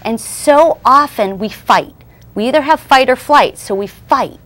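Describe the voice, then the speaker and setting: A woman's voice: sits high, expressive, a little slow, a bit bright. A woman in her thirties, a parenting expert guest on a TV show, explaining her ideas earnestly. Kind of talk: TV interview.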